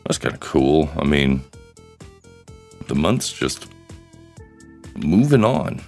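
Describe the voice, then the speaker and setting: Deep-voiced man rambling on a solo podcast. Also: a little mellow. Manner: joking, rambling, crude humor. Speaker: podcast host. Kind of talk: solo live podcast chat.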